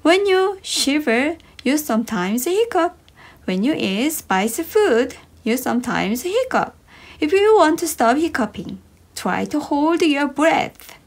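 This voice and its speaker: A woman reading short English science stories for children in a slow, bouncy storybook manner. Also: high-pitched, big pitch swings. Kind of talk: slow expressive read-aloud for kids.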